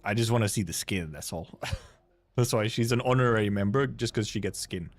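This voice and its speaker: A man's voice: on the low side, brisk, no echo. A man from Finland, a native Finnish speaker, reading a game story aloud on stream with casual, joking asides.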